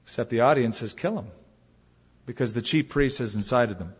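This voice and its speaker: A man with a medium-pitched, breathy voice talks fast as he preaches a sermon, telling the story dramatically with rhetorical questions. The recording sounds dull and reverberant, as in a hall.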